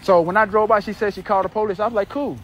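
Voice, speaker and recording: Holding his phone camera outdoors, a man records a heated street confrontation and comments on it with indignation and disbelief, saying things over and over. He speaks very fast in a high voice with fairly even intonation, and there's slight background noise.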